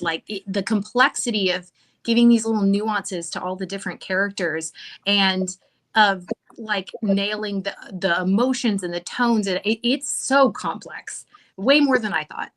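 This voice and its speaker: Bright-voiced chatty woman guest. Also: mid-range voice, unhurried. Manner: chatty, laughs often, trails off in fillers. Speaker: guest author. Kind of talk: casual interview chat.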